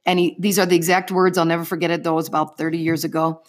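A woman's voice: fairly low pitch, level tone, racing. A middle-aged woman giving an earnest personal faith testimony as an interview guest, telling her story vividly in the present tense.

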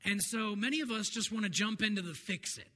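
An earnest man preaches in a relaxed, conversational sermon style, his high voice carrying bright and forward. The sound rings with a long church-hall reverb. A faint noise sits underneath. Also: fairly quick. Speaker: pastor.

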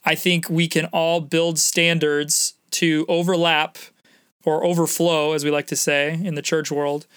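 Upbeat man hosting a solo podcast, bright voice. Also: a little high, flat delivery, a little slow, clear, resonant tone, no room sound, clean studio sound. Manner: upbeat, conversational, uses slang. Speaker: podcast host. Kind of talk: casual solo podcast talk.

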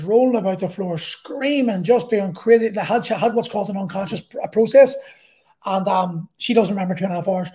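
A man's voice: high-pitched, darkish tone. A middle-aged man with a Belfast accent, telling a personal story in a blunt, sweary, rambling way. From Northern Ireland.

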